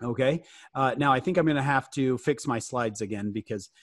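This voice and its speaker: An American man giving an interactive fireside talk, animated and joking, often asking his listeners questions. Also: mid-range voice, fairly quick, dry recording, clean studio sound. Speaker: fireside speaker.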